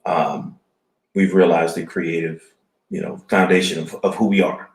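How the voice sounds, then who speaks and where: A man in his forties co-hosting a podcast, talking in a halting, reflective way with many restarts. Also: low voice, little pitch movement, roomy sound, poor audio. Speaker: podcast co-host. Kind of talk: casual chat. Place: studio.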